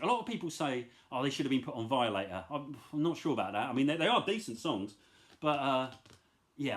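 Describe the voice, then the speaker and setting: A middle-aged man casually chatting about his record finds, enthusiastic and rambling, with self-deprecating asides. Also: fairly high pitch. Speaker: vinyl collector vlogger. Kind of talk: casual chat.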